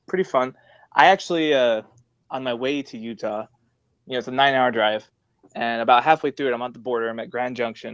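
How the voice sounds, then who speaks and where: A podcast co-host chats casually in a mid-range voice, animatedly acting out the people and quotes in his stories. The recording is dry, with a dull lo-fi sound.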